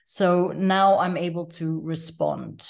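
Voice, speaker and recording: A woman's voice: fairly low pitch, steady tone, slow pace, gravelly. A middle-aged woman talks as a guest on a podcast in an earnest, reflective way. She leans on fillers and circles back on her own thoughts as she explains. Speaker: life coach guest. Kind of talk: casual podcast interview.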